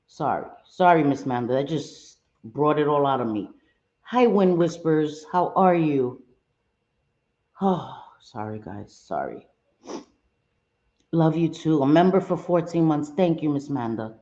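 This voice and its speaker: Middle-aged woman hosting a live stream, chatty and expressive, roomy slightly dull sound. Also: low-pitched, unhurried. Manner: chatty and expressive, greets viewers by name, swings from sweet to fired up. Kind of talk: casual live chat reading viewer comments.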